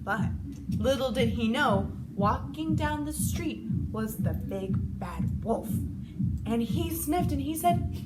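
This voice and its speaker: A woman reads a fairy tale aloud to children, her voice high and bouncing through a wide range. She works as a kids' gym instructor and tells the story in a sing-song way. Music plays underneath. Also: lively intonation, measured pace.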